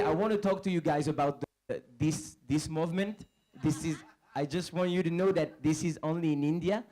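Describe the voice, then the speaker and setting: A man's voice: on the high side, darkish tone, rough recording. A young man with a French accent giving a joking stage speech, playful and laughing, often repeating words as he starts. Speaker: actor and comedian guest.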